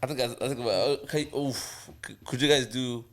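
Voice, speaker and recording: Young male podcast co-host from Ireland, mid-pitched, hesitant, animated delivery. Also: brisk. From Ireland, Nigerian heritage. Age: young adult. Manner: hesitant, many fillers, big bursts of laughter. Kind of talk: casual banter.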